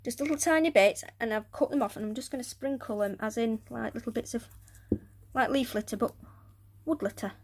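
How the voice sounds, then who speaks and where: A woman's voice: fairly high pitch, a little fast. Chatty woman crafting and muttering. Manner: chatty, rambling, drops to muttering and whispers while working. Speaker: hobbyist building a tarantula enclosure. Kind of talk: casual crafting vlog narration.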